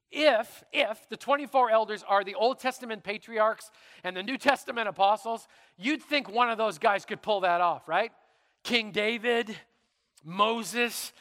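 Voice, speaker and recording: A middle-aged man preaching a sermon in church, telling stories dramatically and dropping to a hush for emphasis. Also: high-pitched, in a large hall. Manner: dramatic, animated storytelling with sudden drops to quiet. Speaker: pastor.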